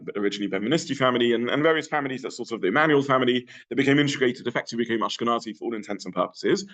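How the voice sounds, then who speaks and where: Guy in his middle years lecturing, thoughtful, lots of ums and restarts, mid pitched voice. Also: rough recording. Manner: thoughtful, many fillers and restarts. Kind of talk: adult education lecture.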